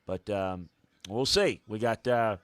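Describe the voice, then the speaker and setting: A man hosting a draft show, thinking aloud in halting, casual commentary and getting excited when news comes in. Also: on the low side, no echo.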